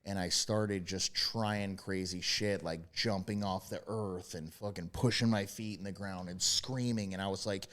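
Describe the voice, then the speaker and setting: A young man, a former quarterback and podcast guest, telling brash, profane stories in casual chat and breaking into yelled impressions. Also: low voice, steady tone, measured pace, hardly any pauses.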